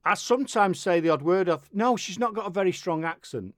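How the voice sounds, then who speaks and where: A man's voice: high-pitched, expressive, a little fast, no room sound, clean studio sound. A middle-aged man from Manchester with a Mancunian accent, hosting a casual radio interview in a jokey, rambling way. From Manchester, England. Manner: chatty, jokey, rambling with restarts. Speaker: radio show host.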